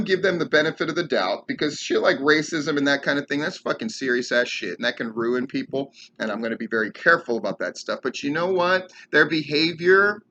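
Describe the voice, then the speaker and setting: Lo-fi audio captures a wrestling commentator and podcast host tearing into a profane, sarcastic, heated rant on his show. He has a slightly high, fairly bright voice.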